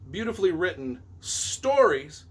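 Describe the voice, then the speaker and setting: Bright-voiced enthusiastic middle-aged man. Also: high-pitched, sing-song, unhurried, slightly rough. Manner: enthusiastic, rambling, self-correcting. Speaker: movie reviewer and novelist. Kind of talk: casual countdown of favorite films.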